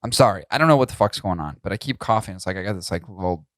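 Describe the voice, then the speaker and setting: A man's voice: low-pitched, lively intonation, very fast, a bit bright, no room sound, studio quality. Coughing, joking male podcast co-host. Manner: loose, profane, jokey. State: coughing, tickle in throat. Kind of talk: casual chat.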